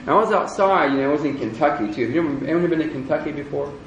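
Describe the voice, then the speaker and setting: A male religious teacher lectures in a roomy, echoing hall, his voice sitting a little high for a man. He rambles conversationally, wanders into joking asides, and comes back to his point. A faint hiss sits under the recording. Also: lively intonation, very fast, dull audio. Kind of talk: lecture with humor. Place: lecture room with audience. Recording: roomy echoey lecture room.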